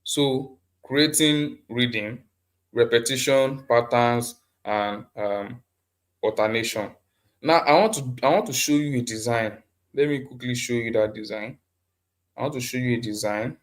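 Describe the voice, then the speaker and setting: A man teaching a live online design class over a computer mic, often repeating himself and asking the class questions. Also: medium pitch. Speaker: design instructor.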